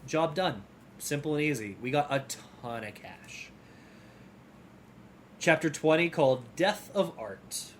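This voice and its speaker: Animated male podcast co-host. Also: on the high side, measured pace, pauses often, a little hiss or hum. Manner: animated retelling, acting out characters' lines. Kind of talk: casual chat.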